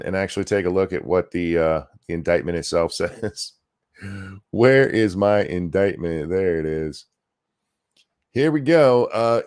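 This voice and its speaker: A man hosting a live political commentary stream, sarcastic and animated, reacting to clips and thanking donors. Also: fairly low pitch.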